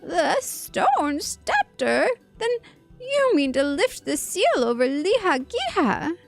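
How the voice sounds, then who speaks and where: A stubborn ancient fae elder, played by a woman reading game dialogue, speaks in slow, grave, old-fashioned pronouncements. The voice sits high and swoops widely, with a gravelly edge. Soft music plays underneath. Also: big pitch swings, heavily acted.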